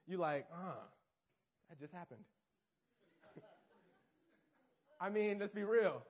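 A young man preaching an informal sermon, animated and talking straight to his listeners. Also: high voice, takes it slowly. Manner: animated, talks straight to listeners, acts out quotes. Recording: dull lo-fi recording.

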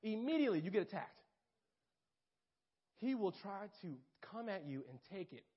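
A young man giving a casual storytelling sermon to a church group, animated and full of fillers. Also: sits high, moderate pace, breathy edge. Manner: animated and casual, lots of fillers and acted-out quotes. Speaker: campus minister speaking to a church group. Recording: dull lo-fi recording.

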